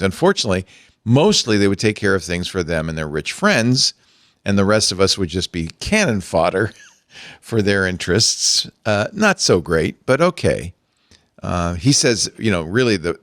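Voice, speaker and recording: A man's voice: fairly low pitch, no room sound, studio quality. An older man hosting a tech podcast, talking casually with a wry, chatty manner. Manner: chatty, wry, lively delivery. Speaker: podcast host. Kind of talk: casual panel chat.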